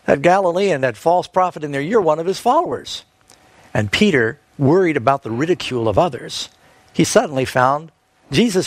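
A man giving a sermon, retelling a Bible story and quoting scripture in a lively storytelling manner. His voice sits mid-pitch and sounds close and dry, with no room echo. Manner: storytelling, quotes scripture, shifts pitch for emphasis. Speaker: preacher.

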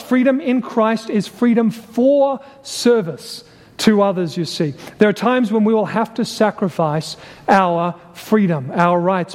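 Man, preacher, high voice, emphatic sermon, repeats phrases, long hall reverb. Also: a little mellow. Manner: deliberate, emphatic, repeats key phrases, asks rhetorical questions.

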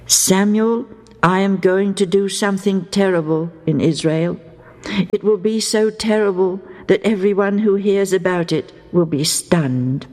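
A woman voicing God in a storybook, giving grave, measured pronouncements. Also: medium pitch, darkish tone, long reverb tail, natural voice. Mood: solemn. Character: the Lord God, solemn and stern.

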